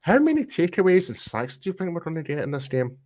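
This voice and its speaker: A man's voice: a little high, sing-song, fast, a little mellow, a little hiss or hum. A man on a fan panel, giving strong opinions with frequent restarts and stammers. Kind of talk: casual panel chat.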